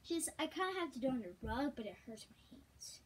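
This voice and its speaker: A woman chatting casually in a gymnastics tutorial vlog, rambling and sometimes dropping into soft, whispery asides. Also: sits high, big pitch swings, quick pace, husky. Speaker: vlogger teaching gymnastics.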